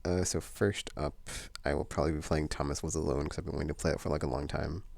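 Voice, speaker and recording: A man's voice: extremely low pitch, fairly even intonation, fast, creaky, darkish tone, no echo. A man vlogging in a casual, meandering chat, full of fillers and restarts.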